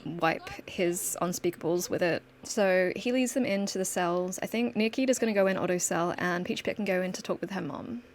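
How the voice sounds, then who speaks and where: Chatty woman narrating her game, casual storytelling, mid pitch, faint hiss. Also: fairly quick, hardly any pauses. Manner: chatty, storytelling, laughs often. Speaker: gaming channel host. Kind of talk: casual gameplay commentary.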